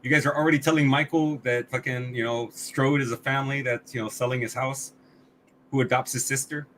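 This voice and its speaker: A man's voice: mid-range voice, steady tone, brisk, a bit bright, slight background noise. A man co-hosting a podcast, reviewing a movie in casual chat, blunt and swearing often, with many restarts. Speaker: podcast co-host.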